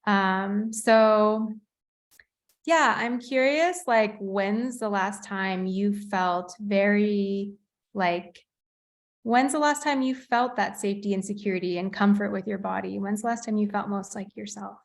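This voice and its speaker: A woman facilitating a somatic workshop, guiding a participant with gentle, slow prompts and frequent fillers. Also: mid-range voice, creaky. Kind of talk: guided coaching session.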